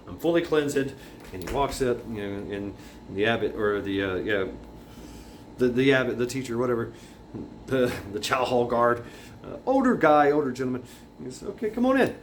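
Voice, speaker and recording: Guy rambling through a story, lots of restarts and boom-boom sound effects, echoey room, faint noise. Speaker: vlogger. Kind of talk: casual storytelling. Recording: roomy echo, faint background noise.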